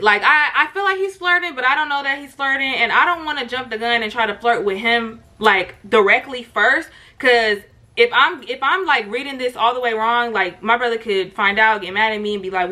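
A young woman vlogger telling a storytime in an animated, slangy way, talking straight to her viewers. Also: sits high, a little fast. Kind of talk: storytime vlog.

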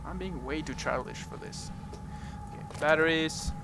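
A man's voice: on the high side, normal speed, heavy background noise. A man giving casual, goofy gameplay commentary, joking and laughing at his own jokes. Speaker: let's play gamer.

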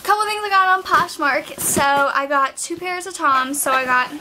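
On a camera mic with a bit of background noise, a teen vlogger chats about clothes she bought, sounding bubbly and slightly out of breath with lots of "like". Her voice sits high and sharp, moving at a normal speed.

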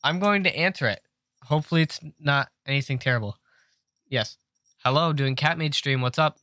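A man's voice: a little high, normal speed, sharp tone, dry recording, studio quality. Young man streaming, joking and swearing. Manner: joking, chatty, swears a lot, gets jumpy when scared. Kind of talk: casual livestream chat while gaming. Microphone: desk microphone.

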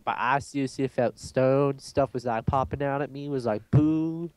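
A man's voice: mid-range voice, steady tone, moderate pace, clean tone, no room sound. A teenage boy with an American accent, rambling and joking in a hyper, casual gaming chat. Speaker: gamer.

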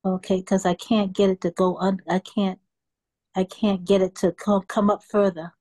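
A woman joins an online class over a video call, flustered and apologetic, stopping and restarting as she searches for words. Her voice is mid-pitched and the sound is dry, with no room around it. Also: flat delivery, moderate pace, dark tone, dry recording. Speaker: student.

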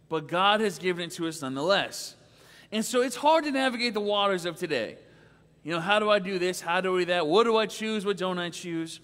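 A man's voice: sits high, sharp tone. A man preaching a sermon as pastor, earnest and conversational, often checking in with "right?". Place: church sanctuary. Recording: long reverb of a church hall.

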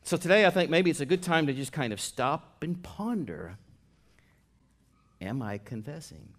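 A man preaching a sermon as pastor in a conversational style, dropping to soft asides and rising to loud emphatic stretches. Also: fairly high pitch, big pitch swings, normal speed.

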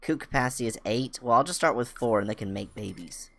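A woman streaming a farming game, chatting casually with viewers and cooing excitedly at her animals. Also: fast. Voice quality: low voice that jumps high with excitement. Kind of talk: casual gameplay chat.

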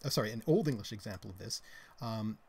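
A man's voice: on the low side, quick pace, gravelly, husky. A Canadian man co-hosting a live stream, explaining linguistics in a casual, hesitant way with many ums and restarts. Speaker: co-host.

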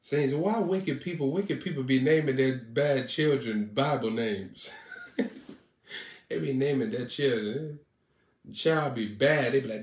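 A man preaching to his online audience in a loose, joking way, teasing his listeners and breaking into laughter. He sits some way from the mic in a roomy, echoing space. His voice is mid-pitched. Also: unhurried. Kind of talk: joking live-stream preaching. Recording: echoey room, distant mic.

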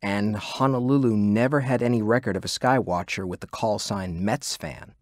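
An actor playing a calm interviewer who asks measured, probing questions. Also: male voice, on the low side, no echo, studio quality, lightly acted.

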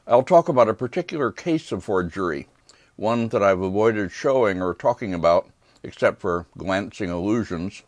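An older man lecturing on art history from a prepared script, with calm, measured delivery and brief asides asking for the next slide. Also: lowish voice, no room sound. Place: lecture hall.

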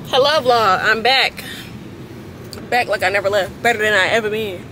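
A young woman with a Southern US accent talks straight to her phone camera in easy, relaxed vlog chat. Her pitch sits in a normal middle range. A clear hiss of background noise runs under the phone recording. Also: normal speed. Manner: chatty and relaxed, talking to the camera. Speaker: vlogger and nail tech. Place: car.

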